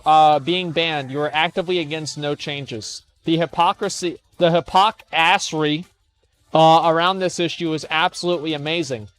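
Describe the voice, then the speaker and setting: A young man streaming casual commentary as he reads forum posts aloud, blunt and scornful, swearing, stammering and restarting. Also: a little high.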